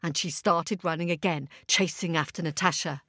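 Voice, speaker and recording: A woman's voice: fairly low pitch, steady tone, normal speed, fairly bright tone, no echo, studio quality. A woman telling a children's story aloud, asking the young listeners questions and making sound effects.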